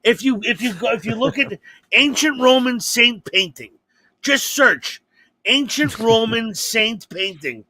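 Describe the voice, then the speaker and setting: A comedian on a podcast who talks in a high, lively, sharply bright voice, drifting between tangents and cursing freely. The sound is dry and close to the mic, and the tone is loose, profane banter. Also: male voice, measured pace, no room sound. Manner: rambling, profane, animated storytelling. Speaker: comedian co-host.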